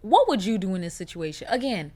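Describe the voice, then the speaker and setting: A woman hosting a podcast, chatting bluntly and with swearing, going from a hushed reading voice to loud outbursts. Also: medium pitch, big pitch swings, fast, no echo. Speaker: podcast host. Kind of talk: casual storytelling chat. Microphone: close podcast mic.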